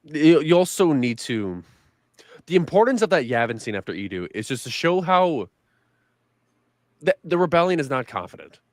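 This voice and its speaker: A man with a mid-pitched voice that rises and falls a lot, arguing his points on a casual fan podcast. He talks in a dry, close recording. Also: big pitch swings, normal speed, pauses often, no echo. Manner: argumentative, pushes back on others. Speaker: podcast co-host.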